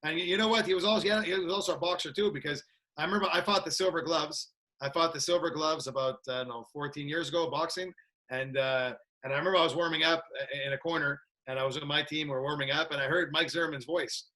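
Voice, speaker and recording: A man's voice: a little high, steady tone, quick pace, sharp tone. A man from Canada, a martial arts trainer, chatting as a guest in an upbeat way, laughing often. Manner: upbeat, laughs a lot, repeats "that's it". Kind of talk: casual chat.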